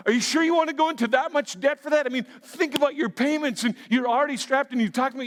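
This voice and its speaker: A man preaching a sermon as a pastor, animated, acting out quoted voices and asides. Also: very high-pitched, quick pace, few pauses. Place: large church auditorium. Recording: long reverb of a large church hall.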